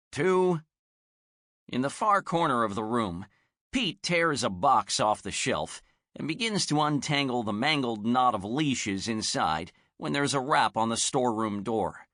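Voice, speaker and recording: A man narrating a children's audiobook in an expressive storytelling manner. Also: medium pitch, a little slow, no echo, clean studio sound. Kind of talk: scripted narration.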